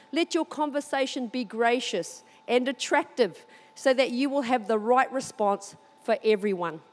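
Animated high-voiced woman preaching in a hall. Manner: animated storytelling, excited outbursts. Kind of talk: sermon with personal story.

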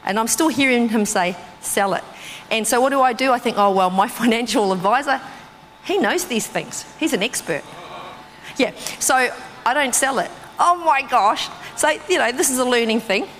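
A woman giving a sermon with a personal testimony, telling her story with animated, acted-out reactions that jump sharply in pitch. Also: moderate pace, a little hiss or hum. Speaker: preacher. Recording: long reverb in a hall.

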